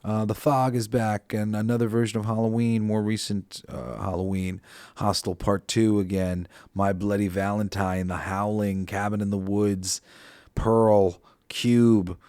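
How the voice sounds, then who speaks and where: A man's voice: on the low side, steady tone, measured pace, darkish tone, no room sound. A man hosting a podcast in casual, rambling talk, swearing freely and thinking aloud with lots of fillers. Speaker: podcast host.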